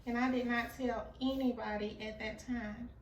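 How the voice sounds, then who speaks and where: Woman, high voice, slow earnest storytelling, confessional, roomy echo, a bit off-mic. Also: steady tone, far from the mic, slight background noise. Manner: earnest, confessional, acts out quoted dialogue. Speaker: vlogger sharing a personal story. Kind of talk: casual personal storytelling. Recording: roomy, off-mic recording with faint ambience.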